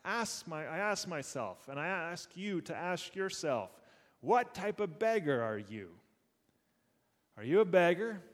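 A man preaching a sermon, asking his listeners rhetorical questions and building up to excited, rising passages. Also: on the high side. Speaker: pastor. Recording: long hall reverb.

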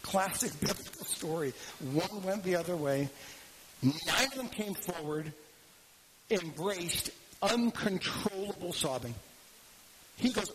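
A man preaching as a pastor, telling a story and leading a prayer, slowing down for dramatic emphasis. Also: sits high, animated. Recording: audible background noise.

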